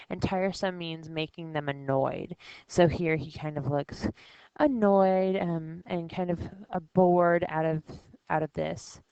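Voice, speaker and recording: A woman's voice: fairly low pitch, unhurried, darkish tone, clear, resonant tone, dry recording, low-quality recording. A woman teaching vocabulary, reading lines from a novel and explaining each word in a casual way with small fillers.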